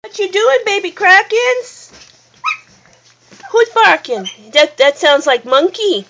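Lady baby-talking her puppies in a high singsong, muffled phone clip, lots of noise behind. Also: sing-song, slow. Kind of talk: baby talk to pets. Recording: dull phone recording with loud background noise.

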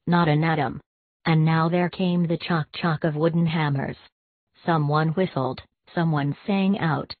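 Woman narrator, low voice, measured storybook reading, dry tinny sound. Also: no echo. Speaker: audiobook narrator. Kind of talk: scripted narration of a classic short story.

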